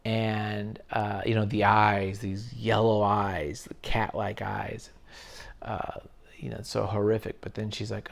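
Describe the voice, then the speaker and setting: A man with a gravelly, creaky voice rambles loosely through a story, tossing in casual swears along the way. His delivery is a relaxed late-night chat as host of his own channel. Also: on the low side, unhurried. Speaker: video essay host.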